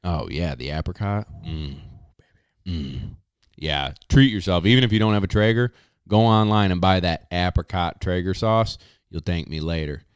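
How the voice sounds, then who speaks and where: Hyped deep-voiced man hosting a podcast. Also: clear, resonant tone, no room sound, studio quality. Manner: hyped, slangy delivery, drawn-out catchphrases. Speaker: podcast host. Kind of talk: casual podcast chat with sponsor reads.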